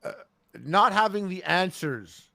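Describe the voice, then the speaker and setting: A man's voice: high-pitched, lively intonation, a little slow, vocal fry, sharp tone, no room sound. A man co-hosting a podcast in casual chat, rambling through stories and acting out quotes. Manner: rambling storyteller, acts out quotes. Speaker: podcast co-host.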